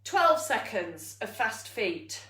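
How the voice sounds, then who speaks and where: Woman fitness coach, high bright voice, slow and out of breath, roomy echo from a distance. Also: very animated. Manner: upbeat coaching, counting down, laughing at herself. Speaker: fitness instructor. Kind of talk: live online exercise class.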